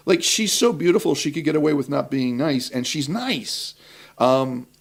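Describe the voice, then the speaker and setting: A man's voice: on the high side, lively intonation, normal speed, gravelly. A man co-hosting a casual talk show, telling a rambling anecdote with many fillers and restarts. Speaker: talk show co-host, actor.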